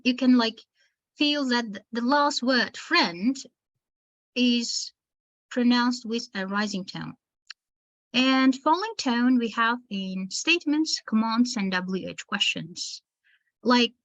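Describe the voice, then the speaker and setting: Teacher trainer lady on a video call, higher voice, kinda muffled lo-fi sound, explains things patiently to "dear teachers". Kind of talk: online webinar lecture.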